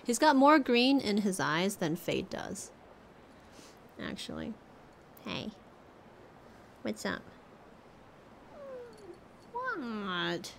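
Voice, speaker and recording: A woman's voice: medium pitch, huge pitch swings, extremely slow, creaky, long pauses, a little hiss or hum. A woman streamer chatting casually with her viewers and cooing at her cat. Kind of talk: casual live-stream chat.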